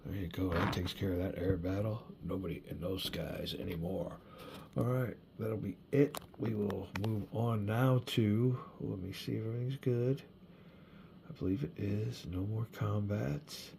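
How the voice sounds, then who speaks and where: Deep gravelly man narrating a board game. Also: unhurried, noisy background. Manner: relaxed, chatty, thinks aloud while rolling dice. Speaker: board game player and channel host. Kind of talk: solo wargame playthrough commentary.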